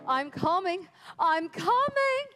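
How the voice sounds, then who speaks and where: Actress as a madcap society girl, high and slow, melodramatic stage delivery. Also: sing-song, loud music behind the voice, heavily acted. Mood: gushing. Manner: gushing, melodramatic. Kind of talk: stage comedy acting. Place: theatre stage.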